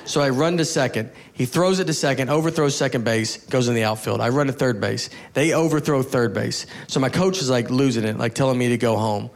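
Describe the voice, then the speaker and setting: A man's voice: medium pitch, fairly quick, few pauses. A man performing a stand-up comedy set, telling self-mocking stories in a laid-back way. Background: audience laughter.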